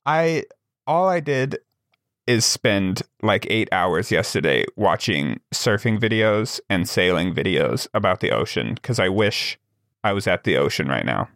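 A man's voice: deep voice, expressive, measured pace, fairly bright tone, no room sound, clean studio sound. A man co-hosting a podcast, telling stories in a rambling, casual way, filling with "like". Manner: rambling storyteller, heavy use of "like". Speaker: podcast co-host. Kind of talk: casual chat.

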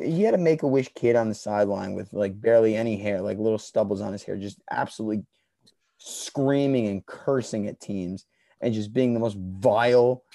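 A young man telling a story in a loose, profane way, mumbling at times and then breaking into shouts. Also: lowish voice, gravelly, no echo. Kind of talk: casual storytelling.

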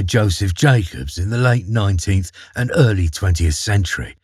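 A man narrating a folk tale in a playful, expressive storytelling manner. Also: sits low, moderate pace, hardly any pauses, husky, no room sound, faint music behind.

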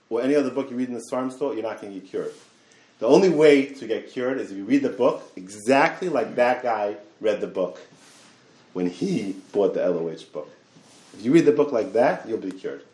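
Male rabbi lecturing a Torah class, animated, fast bursts, echoey room, mid pitch.

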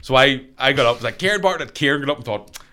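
A man's voice: medium pitch, animated, quick pace, bright, forceful tone. Laughing, profane man. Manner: profane, laughing through his own stories. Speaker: stand-up comedian guest. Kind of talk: casual podcast storytelling.

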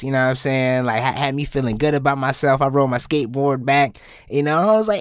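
A young man talks straight into a close mic, telling a story on his own podcast. His pitch swings widely as he jumps into squeaky high bits, and his casual, profane delivery sounds dry and close. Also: lively intonation, a little fast, pushed and bright, no room sound. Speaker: podcast host.

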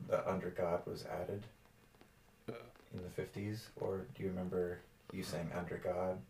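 A man conducts an oral history interview, asking probing, conversational questions. His voice is low and mellow. It carries a roomy echo over a faint background hum. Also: little pitch movement, moderate pace. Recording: echoey room.

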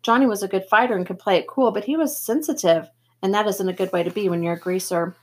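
A woman's voice: mid-range voice, quick pace, husky. A woman reading a novel aloud, steadily telling the story in first person. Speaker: reader.

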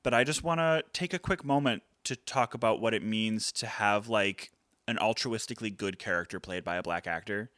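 Low-voiced man, dry close sound. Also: normal speed, a bit bright, no echo. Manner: earnest, chatty, filler-heavy. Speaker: podcast co-host. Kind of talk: casual chat.

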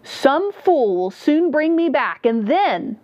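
A woman voicing a towering, cruel male shadow creature in a dry, slithery, croaking voice. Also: medium pitch, expressive, measured pace, dry recording. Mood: menacing. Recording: dull, dry recording.

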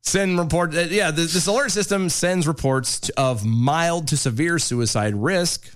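A man's voice: a little high, a little slow, a bit bright. A man co-hosting a talk radio show, reading news items aloud with sarcastic asides. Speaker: radio co-host.

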